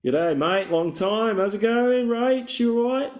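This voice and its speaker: A man putting on a brash loud Aussie bloke. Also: high-pitched, animated, pitched above the performer's own voice. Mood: boisterous. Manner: boisterous, swearing, drawn-out greetings. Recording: roomy echoey room.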